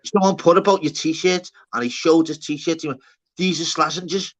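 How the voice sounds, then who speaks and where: A man's voice: fairly high pitch, moderate pace. A man hosting a livestream, rambling and swearing through casual banter. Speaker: livestream host. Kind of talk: casual chat.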